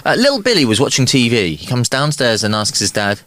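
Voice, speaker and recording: A man's voice: medium pitch, sing-song, brisk, a bit bright. A man, co-hosting a podcast, reading jokes in a playful, giggly way. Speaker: podcast co-host. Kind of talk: casual chat, reading jokes aloud.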